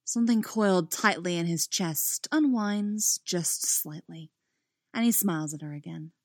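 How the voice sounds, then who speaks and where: A woman reading fiction aloud in an expressive way, dropping to a soft voice on the narration tags. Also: lowish voice, measured pace, no room sound, studio quality. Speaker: storyteller.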